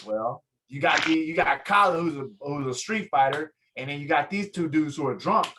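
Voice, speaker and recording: A man, a guest on an interview show, telling a story with lively energy and acting out what others said. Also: moderate pace, a little hiss or hum, rough recording. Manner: lively, acts out quotes, swings pitch up in excitement. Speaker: guest, photographer and fighter. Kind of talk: animated storytelling in casual interview.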